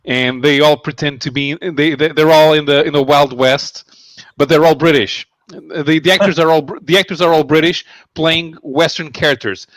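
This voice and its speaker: A man co-hosting a casual show, explaining things with pauses and hesitations. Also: medium pitch, fairly bright tone, no room sound. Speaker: co-host. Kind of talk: casual chat.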